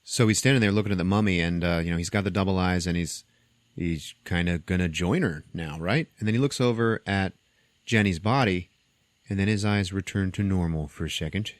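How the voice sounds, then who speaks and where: A deep-voiced man tells a movie plot in a loose, comedic way and acts out the characters. He is recorded close and dry, with no room sound. His delivery is animated and conversational. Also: a little fast, no echo. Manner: animated storytelling, acting out scenes. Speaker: podcast host. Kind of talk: casual comedic movie recap.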